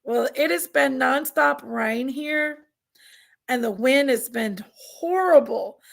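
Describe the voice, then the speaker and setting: A woman's voice: sits high, slow pace, vocal fry. A woman hosting a casual live stream, chatting with viewers in an effusive, rambling way. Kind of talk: casual live chat reading comments.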